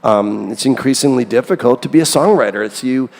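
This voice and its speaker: A man's voice: medium pitch, a little fast, gravelly, a little mellow, big-room sound. A middle-aged man, a songwriter being interviewed, talking candidly and rambling, with a self-deprecating streak. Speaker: songwriter guest. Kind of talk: casual interview.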